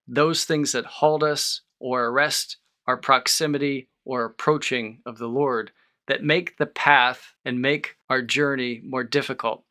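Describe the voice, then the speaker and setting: A man preaching a sermon as a pastor, reading scripture aloud and explaining it in short, measured phrases. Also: medium pitch, bright, forceful tone.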